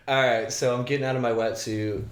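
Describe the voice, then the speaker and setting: A man telling his life stories as a podcast guest, animated and casual, swearing freely and acting out other people's lines. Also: medium pitch. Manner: animated, swearing, acts out shouted quotes. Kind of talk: casual storytelling. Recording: roomy echo.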